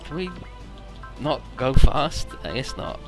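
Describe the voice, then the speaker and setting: A man's voice: medium pitch, very animated, slow, music in the background. A man giving casual let's-play commentary, rambling through retellings with swearing.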